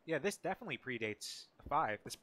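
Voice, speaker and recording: A man's voice: mid-range voice, expressive, fairly quick, sharp tone. A man co-streaming a video game, chatting casually with dry, joking asides. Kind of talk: casual gaming chat.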